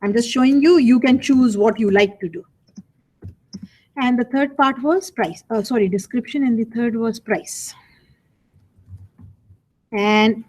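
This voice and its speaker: A woman teaching programming in a classroom lecture. Her voice sits somewhat high, and her delivery is loose and conversational, with repeated phrases and rhetorical questions aimed at the students. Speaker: college programming instructor.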